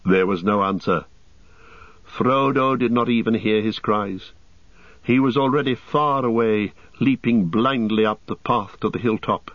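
A man reading a novel aloud in measured, dramatic scripted narration. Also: fairly low pitch, dry recording. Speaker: audiobook narrator. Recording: dull, dry audiobook recording.

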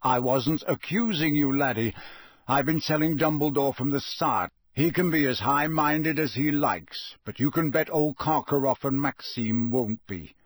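A man voicing a gruff, blunt old male wizard in an audiobook reading, growling his lines in a husky voice. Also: medium pitch, measured pace, no room sound, studio quality, lightly acted.

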